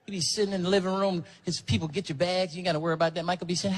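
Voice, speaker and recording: A man telling a stand-up story in loud, animated bursts with profanity. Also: sits high, rapid-fire. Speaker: stand-up comedian. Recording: noisy live recording.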